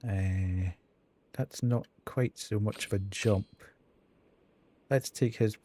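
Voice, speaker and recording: A man's voice: on the low side, slow pace, mellow. A man streaming a video game live, thinking aloud as he counts and reads out menu options. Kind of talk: casual live gameplay commentary.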